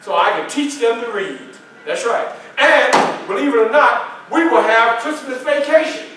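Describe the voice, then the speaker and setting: A man's voice: extremely high pitch, expressive, unhurried, background noise. A man performing a first-person historical character for a library audience, telling his story in a folksy way and quizzing the crowd. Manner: folksy, questions the audience, plays the other people in the story. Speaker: historical reenactor. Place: library meeting room. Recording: echoey room from a far camera.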